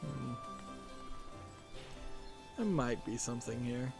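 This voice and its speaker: A man's voice: medium pitch, slow, creaky. Man musing through a gaming session. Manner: rambling, thinking aloud with many fillers. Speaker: let's-play host. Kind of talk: casual gaming commentary. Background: game music.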